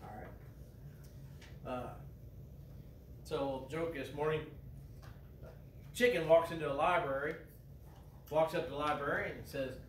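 A man with a Midwestern American accent leads his congregation in an easy, homespun way, slightly high in pitch. He is picked up from a distance in a church sanctuary, where the walls ring with echo under a faint hiss. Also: moderate pace, long pauses. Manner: relaxed, homespun, fond of "you know". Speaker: pastor. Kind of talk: folksy joke and church announcements. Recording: echoey church heard from a distance.

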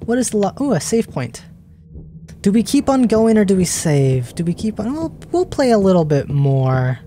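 Excitable young woman gaming streamer. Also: medium pitch, moderate pace, slight background noise. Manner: excitable, gasping and emotional. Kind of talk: let's play commentary. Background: faint game music.

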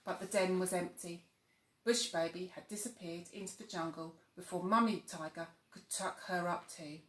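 A woman reading a children's bedtime story aloud, soft and expressive. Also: on the low side, moderate pace, a little hiss or hum. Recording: echoey room.

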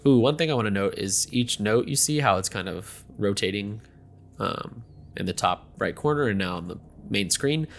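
A man's voice: on the low side, animated, moderate pace, gravelly, a little hiss or hum. A young man hosting a gameplay video, chatting casually with many ums and you-knows.

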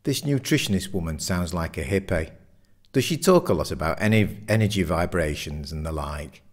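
A man's voice: low-pitched, animated, normal speed. A man doing a scoffing pub mate. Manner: scoffing, dismissive. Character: Simon, a blunt meat-loving pub mate.

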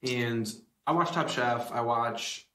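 A man's voice: medium pitch, takes it slowly, sharp tone. A man hosting a podcast, asking rambling questions in a casual chat full of filler words. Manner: rambling questions with many likes. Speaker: podcast host. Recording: roomy echo.

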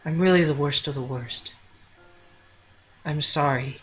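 A man's voice: fairly high pitch, measured pace, dull audio, soft background music, lightly acted. A man reading an anxious, apologetic young woman. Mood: remorseful.

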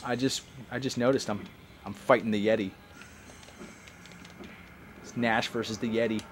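A man's voice: fairly low pitch, fairly even intonation, moderate pace, a little hiss or hum. A man giving casual, rambling commentary as he plays a game, chatting like a longtime fan. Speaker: let's play host.

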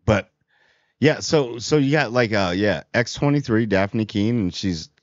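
A man's voice: fairly low pitch, expressive, a little slow, no room sound. Chatty male movie reviewer, dry audio. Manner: chatty, rambling, amused. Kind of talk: casual spoken movie review. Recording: dry, slightly dull audio.

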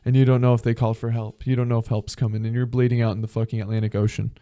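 Mellow-voiced man telling stories on a podcast. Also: mid-range voice, level tone, racing, clear, resonant tone, no echo. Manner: profane, rambling, acts out voices in his stories. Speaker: podcast guest. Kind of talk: casual storytelling.

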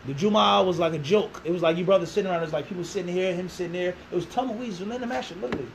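A man telling a long story as an interview guest, animated, acting out quoted dialogue and throwing in rhetorical questions. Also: sits high, very fast, vocal fry, a little hiss or hum, rough recording.

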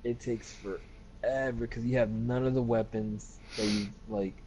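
A man chatting casually over game voice chat, relaxed and rambling, swearing now and then. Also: medium pitch, a little slow, crowd noise. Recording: dull lo-fi chat audio with faint noise.

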